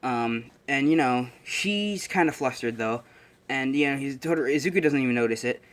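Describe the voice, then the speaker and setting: A man's voice: medium pitch, moderate pace. A young man casually recapping a fan story idea in a rambling way, full of fillers and self-corrections.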